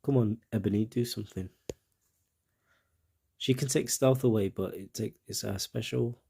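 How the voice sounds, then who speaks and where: A man's voice: fairly low pitch, normal speed, vocal fry, mellow, husky. A man with a British accent giving casual, rambling commentary on a game, with self-mocking asides.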